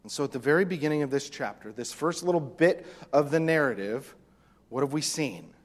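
A man preaching a sermon as pastor, animated, acting out voices from the text. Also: fairly high pitch, a little fast. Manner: animated, acts out the disciples' lines. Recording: long reverb of a hall.

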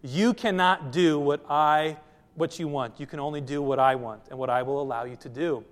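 Preacher doing stern commanding God, firm, high male voice, long hall echo. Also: fairly even intonation, moderate pace, lightly acted.

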